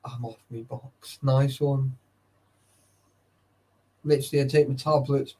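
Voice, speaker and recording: A tired young man rambles through a casual livestream chat. His voice is mellow and dark, sitting at a middling pitch. He swears freely and keeps greeting his viewers by name. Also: steady tone, measured pace, husky. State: tired and sleepy.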